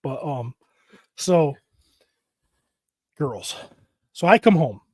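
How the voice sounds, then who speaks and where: A man's voice: fairly high pitch, big pitch swings, extremely slow, dry recording, clean studio sound. A middle-aged man hosting a podcast, telling a family story in a rambling, profane way and circling back with "so". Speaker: podcast host. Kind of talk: casual chat.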